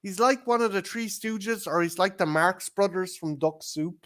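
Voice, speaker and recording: A co-host talks through a movie in a loose, rambling way at an ordinary middle pitch. The speech is full of swearing and false starts, and scenes get retold in little acted-out snatches. It is relaxed, unscripted stream chat. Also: moderate pace. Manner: rambling and profane, with many restarts; acts out scenes in quoted voices. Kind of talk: casual movie discussion.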